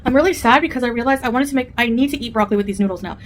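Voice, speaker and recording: A woman's voice: on the high side, very fast, slight background noise. A woman vlogger chatting candidly at home while eating, rambling from one thought to the next in a casual mukbang. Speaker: food vlogger.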